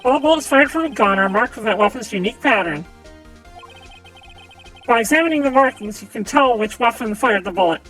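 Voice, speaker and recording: A woman's voice: fairly high pitch, lively intonation, brisk, a bit bright, faint music behind. A woman streaming live, reading a courtroom visual novel aloud and voicing its characters in a theatrical way.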